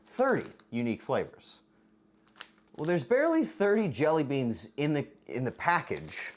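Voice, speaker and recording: A man hosting a live cooking stream, chatting with viewers in a playful, teasing way. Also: on the high side. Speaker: streamer, cooking show host.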